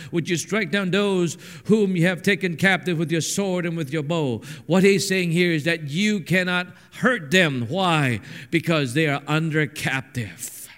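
A man preaching a sermon, telling stories with animated swings from hushed to shouting. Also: on the high side. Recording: echoey hall with long reverb.

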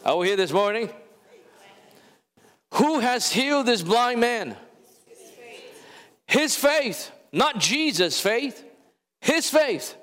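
A male pastor preaching a sermon, addressing the congregation directly, animated and drawing words out as he cries them louder. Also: very high voice, takes it slowly, long pauses, in a large hall. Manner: talks straight to the congregation, with fillers and restarts. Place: church sanctuary.

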